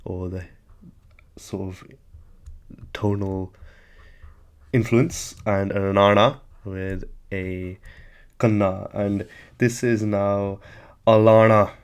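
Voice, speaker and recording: Low-voiced man teaching a language lesson. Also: fairly even intonation, slow, long pauses, smooth. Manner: patient, methodical, hedges often with "sort of".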